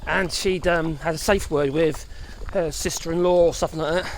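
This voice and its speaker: A man's voice: a little high, fairly even intonation, moderate pace, a little hiss or hum. A middle-aged man chatting casually and sarcastically on a dog walk outdoors, full of exclamations. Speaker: channel host. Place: outdoors walking dogs.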